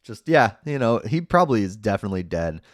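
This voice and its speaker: A man's voice: fairly low pitch, big pitch swings, fast talker, no echo, studio quality. A man hosting a podcast, casually recapping a movie in a rambling way, full of "like" fillers and wry, sarcastic asides.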